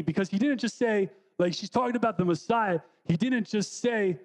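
A man's voice: high-pitched, animated, fairly quick, gravelly, hardly any pauses. A man preaching a sermon in a church, talking conversationally and asking the congregation questions. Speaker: guest preacher. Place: church sanctuary.

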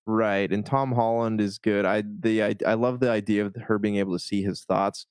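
A man with a fairly low voice talks through his thoughts on a film in a casual, hesitant way. He restarts sentences and fills gaps with "like". The recording is dry and close. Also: fairly even intonation, moderate pace, a little mellow, clear, resonant tone, no room sound. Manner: hesitant, lots of restarts and likes. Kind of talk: casual movie chat.

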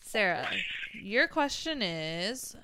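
A woman hosting a casual chat, a teacher who tells lively stories and laughs often. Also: mid-range voice, slow pace, noisy background. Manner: giggly, animated storyteller. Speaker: host.

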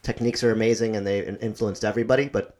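A man's voice: lowish voice, fairly even intonation, very fast, a little mellow. Opinionated joking man co-host. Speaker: podcast co-host. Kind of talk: casual chat.

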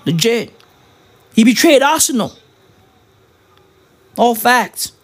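A man's voice: very high voice, very animated, slow. A man ranting about his football club in a casual, slangy style, swearing and tagging his lines with "right?" and "bruv". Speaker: football fan vlogger.

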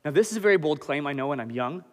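A man in his late twenties preaching a sermon as pastor, animated and conversational. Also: fairly high pitch, very fast. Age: 20s. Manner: animated, conversational, self-deprecating. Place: church hall. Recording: long hall reverb.

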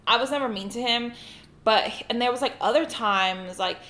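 A woman in her twenties co-hosting a podcast, telling a story in casual chat, with animated delivery, frequent swearing and constant "like". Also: fairly high pitch, moderate pace. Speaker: podcast co-host.

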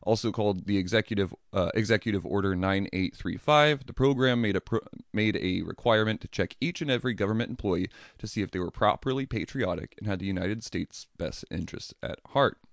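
A young man with a low voice hosts a casual history podcast, talking in a loose, animated way. He keeps slipping into exaggerated mocking voices for the people he describes. The sound is dry and close to the mic. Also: brisk, hardly any pauses, no room sound. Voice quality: swears casually, laughs at own jokes. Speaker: podcast host.

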